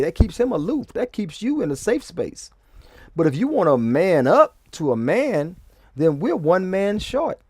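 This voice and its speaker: A man's voice: a little high, darkish tone, dry recording, studio quality. A man giving rambling casual commentary, restarting sentences and often checking "okay?". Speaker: vlogger.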